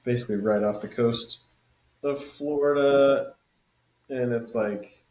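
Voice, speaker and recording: A man's voice: mid-range voice, a little mellow. A man co-hosting a podcast in casual chat, telling easygoing stories and stopping to recall details. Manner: easygoing storyteller, laughs along, pauses to recall details. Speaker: podcast co-host. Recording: roomy echo on the voice.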